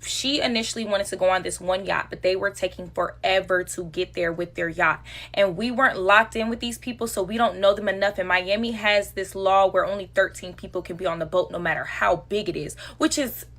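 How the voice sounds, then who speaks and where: Casting: young woman storyteller, quick delivery, bright tense voice, chatty and slangy. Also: medium pitch. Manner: chatty, animated retelling with slang and asides to viewers. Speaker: storytime vlogger. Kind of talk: casual storytime monologue.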